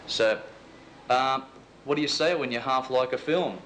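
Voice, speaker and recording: A man's voice: medium pitch, measured pace, fairly bright tone, slight background noise, low-quality recording. A man with an Australian accent giving a blunt, cheeky, offhand film review as co-host. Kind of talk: casual film review chat.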